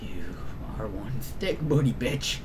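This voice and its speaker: A man's voice: lowish voice, expressive, takes it slowly, very noisy. A man playing a horror game with a friend, jumpy and panicky, often breaking into frantic screaming. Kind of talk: let's play commentary. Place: at a home computer.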